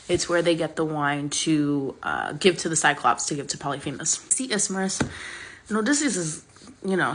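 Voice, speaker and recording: A woman's voice: low voice, fairly bright tone, a little hiss or hum. A woman retelling an old myth in a chatty, sarcastic, casual way, with plenty of fillers. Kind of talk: casual storytelling.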